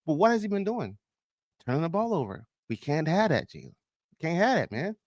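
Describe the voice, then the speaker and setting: A man hosts a sports podcast in loose, excitable chat. His voice sits a little high and swoops widely as he exclaims. The sound is dry and close. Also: brisk, dry recording. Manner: animated, exclaiming, many restarts and laughs. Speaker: podcast host.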